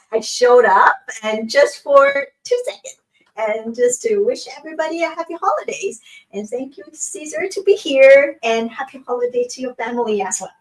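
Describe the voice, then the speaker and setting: A woman's fairly high, lively voice comes from a little way off the mic, as though she is standing across the room at home. She gives a short, friendly greeting to the viewers of the stream. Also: measured pace, distant mic, rough recording. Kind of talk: casual greeting.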